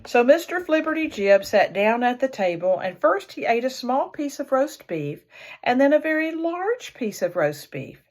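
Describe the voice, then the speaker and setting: A woman reading a children's picture book aloud in an expressive storyteller's way, imitating the animal sounds. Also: high voice, normal speed.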